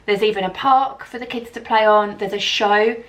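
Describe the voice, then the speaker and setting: A woman vlogging to camera, talking with gushing, excitable enthusiasm. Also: mid-range voice, moderate pace. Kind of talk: travel vlog talking to camera.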